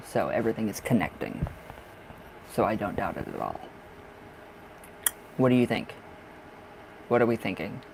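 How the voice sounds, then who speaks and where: A man's voice: medium pitch, creaky, a little mellow, a little hiss or hum, low-quality recording. A man from the northern United States giving live-stream tarot readings in a chatty way, laughing often and repeating himself. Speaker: tarot reader.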